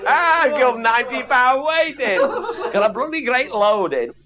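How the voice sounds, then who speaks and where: Man, high lively voice, earthy swearing raconteur, loud audience laughter. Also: measured pace, over a noisy crowd. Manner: earthy and swearing, chuckling through his lines. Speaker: storyteller. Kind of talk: comic anecdote to a live audience.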